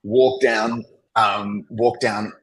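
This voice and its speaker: A low-voiced Australian man telling a long story as a podcast guest. He rambles through his anecdotes, padding nearly every phrase with "you know" and "like". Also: steady tone, drawn-out words, rough recording. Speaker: podcast guest, agency founder. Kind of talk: casual interview storytelling.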